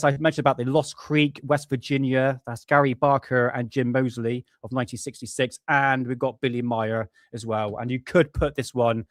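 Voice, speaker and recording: A man's voice: mid-range voice, no room sound, studio quality. A man casually chatting as host of a live stream, laughing along with viewer comments. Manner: chatty, laughs at viewer comments, drifts back to his notes.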